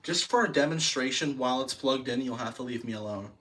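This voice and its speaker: A man's voice: medium pitch, fast, heavy background noise. A man hosting a casual show-and-tell vlog, rambling and self-correcting, with a self-deprecating, nerdy enthusiasm. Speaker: video host.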